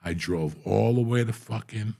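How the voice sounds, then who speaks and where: A man's voice: lowish voice, normal speed, creaky, dark tone. A man guest telling profane, blunt stories in a casual interview. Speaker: guest comedian.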